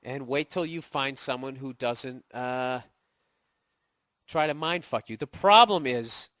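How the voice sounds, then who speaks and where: A man's voice: medium pitch, slow pace, fairly bright tone, dry recording, clean studio sound. Profane, sarcastic man with a Boston accent. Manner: profane, sarcastic, mocking impressions. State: getting over a cold, voice cracking. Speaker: podcast host answering listener emails. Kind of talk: casual ranting monologue.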